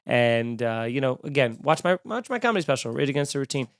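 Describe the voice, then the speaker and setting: A comedian hosting his podcast, telling a story in a casual, animated way, swearing and acting out what people said. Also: medium pitch, fast, no echo. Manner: animated, swearing, acts out quotes.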